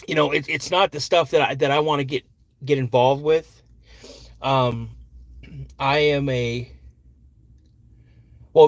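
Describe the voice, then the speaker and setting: A man's voice: a little high, no room sound. Chill rambling man in his fifties. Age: 50s. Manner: relaxed, rambling, many fillers and restarts. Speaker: podcast host. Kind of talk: casual livestream chat reading comments.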